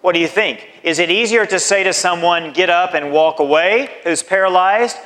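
A man preaching a sermon as pastor, emphatic and deliberate, with dramatic swings in his voice. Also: high voice, sharp tone. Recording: long hall reverb.

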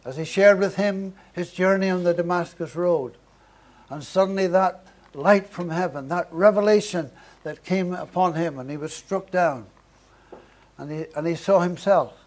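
A man's voice: high-pitched, moderate pace. A man preaching a sermon, earnest, building emphasis through short repeated phrases.

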